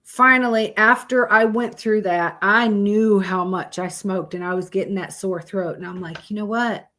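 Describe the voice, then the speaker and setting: A woman's voice: mid-range voice, fairly even intonation, normal speed, pushed and bright. A woman, hosting a casual live stream, blunt and profane as she chats with her viewers.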